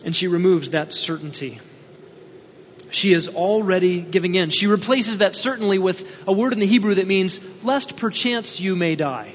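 In a church hall, a man with a high-pitched, fairly bright voice preaches an expository sermon. His approach is earnest and explanatory, peppered with rhetorical questions, and the audio is dull and reverberant with a faint hum underneath.

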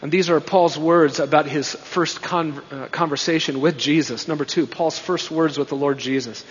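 A man preaching a sermon, swinging between emphatic rises and hushed, quiet passages. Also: fairly high pitch, steady tone, moderate pace, slight background noise. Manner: emphatic preaching, rising and dropping to hushed tones. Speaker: pastor. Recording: dull sound with long reverb in a hall.

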